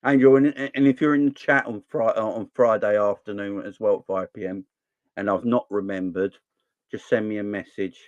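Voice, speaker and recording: A man's voice: on the low side, fairly even intonation, moderate pace, no room sound, highs cut off. A man in his forties from southern England, hosting a casual live stream and chatting back to viewer comments. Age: 40s. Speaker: fan channel host.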